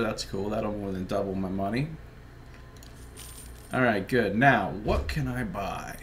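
A man's voice: mid-range voice, fairly bright tone, a little hiss or hum. Joking man streaming a game. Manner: chatty, joking, talks to chat. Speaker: gaming livestreamer. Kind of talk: casual let's play commentary.

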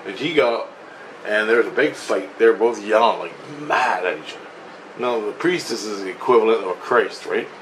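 Man, casual vlog storytelling, rambling, swears a lot, excitable, faint background hiss. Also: lowish voice, normal speed, rough recording. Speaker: vlogger.

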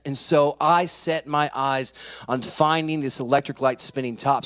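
A man preaches from the pulpit, telling a story in the form of a sermon. His voice sits a little high and moves with lively, wide swings of pitch. He acts out the people in his story as he goes. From California. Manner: animated storyteller acting out voices. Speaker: pastor. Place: church sanctuary.

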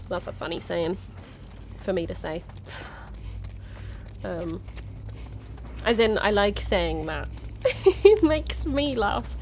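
A woman's voice: medium pitch, lively intonation, drawn-out words, pauses often, slight background noise. A young woman chatting her way through a video game, exclaiming often and giggling between remarks. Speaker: gaming YouTuber. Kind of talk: casual let's-play commentary.

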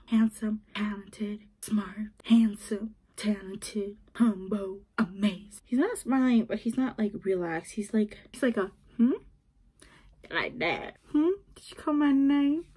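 A woman talks through an unboxing on her phone in an easy, gushing way. She speaks slowly in a slightly husky voice, giggling often and slipping into whispers. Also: medium pitch, mellow. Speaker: vlogger unboxing an album. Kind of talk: casual chat to camera.

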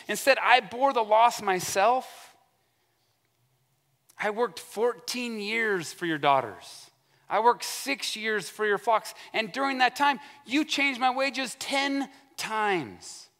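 A man's voice: extremely high pitch, slow pace, pushed and bright, pitched above the performer's own voice, exaggerated voice. A man playing a whining grown man who complains about unfairness, heard with long church hall reverb. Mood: whiny. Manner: whiny, complaining.

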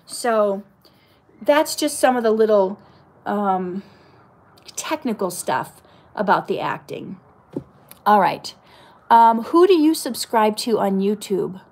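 A woman's voice: medium pitch, expressive, takes it slowly, long pauses, a little mellow. A middle-aged woman, an actress, chatting casually as she reads out viewer questions and answers them. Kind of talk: casual live Q&A chat.

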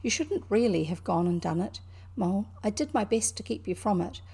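A brave, kindly male water rat from a storybook, as a woman reader puts him on, brisk and soothing, with a New Zealand accent. His voice is mellow and husky, with a gravelly texture. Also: mid-range voice, animated. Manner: brisk and reassuring.

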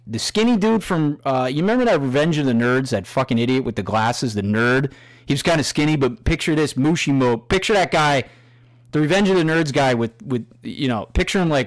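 Guy cussing nonstop while he trashes some other youtuber, voice jumps all over the place. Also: fairly high pitch. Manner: loud, mocking, swears constantly, laughs at own jokes. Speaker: host. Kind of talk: profane ranting commentary.

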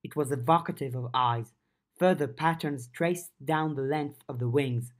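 Slow, measured audiobook narrator, a man. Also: a little high. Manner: measured, even storytelling. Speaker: audiobook reader.

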